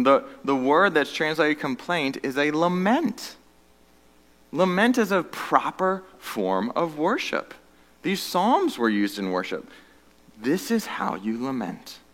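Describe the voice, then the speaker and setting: A man preaching a sermon as pastor, earnest, moving between loud emphatic stretches and hushed, low passages. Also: big-room sound.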